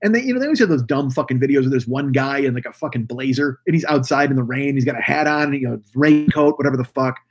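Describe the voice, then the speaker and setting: A man's voice: medium pitch, fast talker, few pauses, slightly rough. A man hosting a live stream, rambling and swearing casually as he greets viewers over a webcam mic. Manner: profane, rambling, chatty. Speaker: live stream podcast host.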